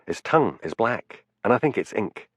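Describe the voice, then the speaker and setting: A man voicing a calm Highland constable. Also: normal speed, dry recording. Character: shrewd, patient Highland police constable, man. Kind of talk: audiobook character voice.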